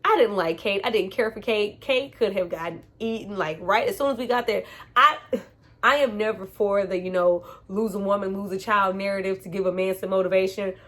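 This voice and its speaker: A woman casually reviewing a movie, slangy and frank, laughing often and acting out characters' lines in voices. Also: mid-range voice. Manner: animated, acts out characters' lines in funny voices.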